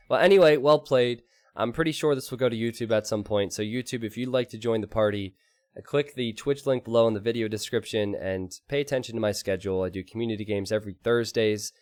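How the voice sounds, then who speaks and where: A man casting a strategy game live and chatting with his stream audience, excitable and quick to laugh. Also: fairly low pitch, no room sound, clean studio sound. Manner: excitable, laughs often, talks to chat.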